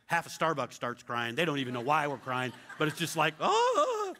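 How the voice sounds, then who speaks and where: A middle-aged male pastor telling a story in a sermon, acting out the dialogue with shouts and laughter. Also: medium pitch, fairly quick.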